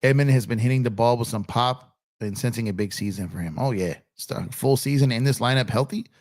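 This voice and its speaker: A man's voice: mid-range voice, fairly quick, a little mellow, no room sound, clean studio sound. A man hosting a casual live-stream sports chat, recovering from a cold, laid-back and repeating himself as he reads out chat.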